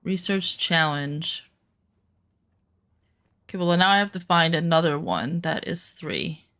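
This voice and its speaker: A woman's voice: low voice, measured pace, a bit bright. A woman chatting casually to her viewers while streaming a survival game, rambling with lots of fillers. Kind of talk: casual gaming stream chat.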